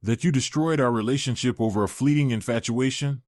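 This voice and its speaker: A man's voice: medium pitch, a little fast, a little mellow, no room sound, clean studio sound, close to an everyday voice. A man voicing a cold, betrayed bride-to-be. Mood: firm. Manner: firm, cold. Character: betrayed young woman, firm and cold.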